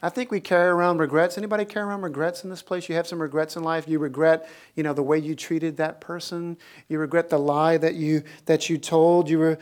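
A pastor preaching a sermon in a church, telling stories with big swings in pitch and frequent laughter, then slowing to speak quietly to the congregation. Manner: animated storytelling, lively pitch swings.

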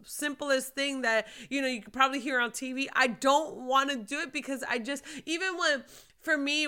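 A woman pastor giving a casual faith talk to her viewers, emphatic and swinging from quiet to shouting. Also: fairly high pitch, clear, resonant tone. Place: lives in Florida.

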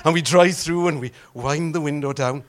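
A middle-aged man with a Welsh accent, a pastor preaching a sermon with humorous stories that swing from loud exclaiming to soft prayer. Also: fairly high pitch, normal speed.

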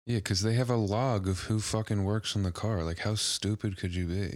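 Man, podcast co-host, very deep voice, joking asides. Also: fairly even intonation, moderate pace, no echo, clean studio sound. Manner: laughing, wisecracking asides. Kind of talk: casual chat.

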